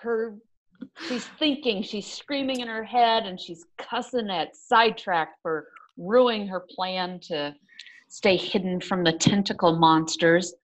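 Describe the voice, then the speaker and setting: A woman playing a tabletop game, narrating her character in a soft, hushed way. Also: mid-range voice, measured pace, poor audio. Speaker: player. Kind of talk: tabletop role-play narration.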